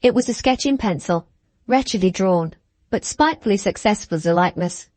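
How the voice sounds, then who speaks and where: A woman's voice: medium pitch, lively intonation, a little fast, a little mellow, no echo. Woman narrating an audiobook, dry and close.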